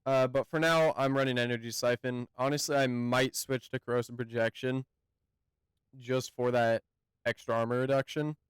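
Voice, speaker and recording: A man hosting a casual game review, talking in a hesitant, halting way and often searching for words. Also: medium pitch, flat delivery, clean tone, no room sound. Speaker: gaming channel host.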